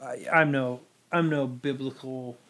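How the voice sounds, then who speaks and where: A man's voice: mid-range voice, fairly even intonation, a little slow, fairly bright tone. A man with a mid-range voice co-hosts a casual podcast, explaining things in a loose, conversational way. He slips in dry, sarcastic asides as he talks. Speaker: podcast co-host. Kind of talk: casual chat.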